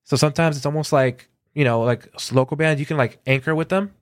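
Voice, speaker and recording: A man's voice: a little high, quick pace, no room sound, clean studio sound. Chatty man telling stories with lots of "like". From Southern California. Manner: animated anecdotes, acts out quoted dialogue, many fillers. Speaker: guest, concert photographer. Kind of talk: casual storytelling in an interview.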